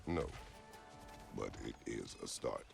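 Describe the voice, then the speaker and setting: An actor playing a stern middle-aged warrior who speaks tersely and solemnly in a video game. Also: male voice, a bass voice, expressive, takes it slowly, gravelly, heavily acted. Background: game music.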